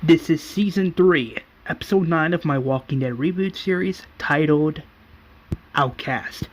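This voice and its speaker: A man with a slightly high voice narrates a casual episode recap, stringing events together one after another. He sounds relaxed and conversational, like he is talking straight to his viewers. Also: unhurried, slight background noise. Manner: run-on narration chaining events with "and then". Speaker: YouTuber recapping a fan series.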